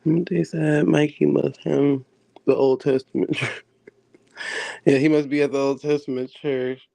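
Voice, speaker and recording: A man, sarcastic and dismissive. He mocks people with his own made-up questions and answers. His voice runs a little high for a man. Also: little pitch movement, unhurried, gravelly, dark tone, dry recording. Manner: sarcastic, mocking rants with mock questions. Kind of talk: casual banter.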